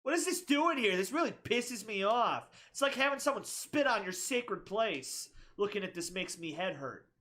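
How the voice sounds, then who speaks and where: Bright-voiced, joking woman game streamer. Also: mid-range voice, lively intonation, normal speed, hardly any pauses. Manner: chatty, joking, laughs often. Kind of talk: let's play commentary.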